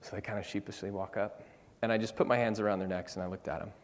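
A man's voice: on the low side, fairly even intonation. Earnest preaching man in a reverberant church. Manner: earnest, emphatic preaching with slow stressed phrases. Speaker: pastor. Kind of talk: sermon. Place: church sanctuary.

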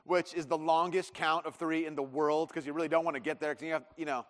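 A man's voice: fairly high pitch, fairly even intonation, fast talker. A man in his thirties preaching a sermon in a church, conversational and self-deprecating, acting out bits of dialogue. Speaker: pastor. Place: church auditorium. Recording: long reverb of a church hall.

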